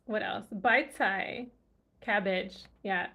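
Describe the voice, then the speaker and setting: A woman's voice: medium pitch, takes it slowly, vocal fry, sharp tone. A woman language vlogger chatting casually, musing aloud and laughing often as she recalls words. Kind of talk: casual livestream chat.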